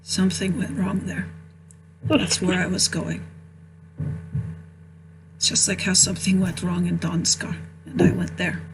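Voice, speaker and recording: A woman's voice: steady tone, measured pace, pauses often, a little hiss or hum, lightly acted, low-quality recording. A woman voicing a terse, wary male prisoner who answers in short, guarded lines. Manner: curt, low and guarded.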